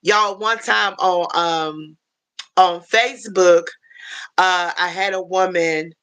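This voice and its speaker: A woman's voice: fairly low pitch, fairly even intonation, takes it slowly, clean tone. A woman hosting a livestream, talking casually and earnestly, often restarting and turning to her viewers. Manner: chatty and warm, with frequent restarts and "y'all". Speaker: livestream host.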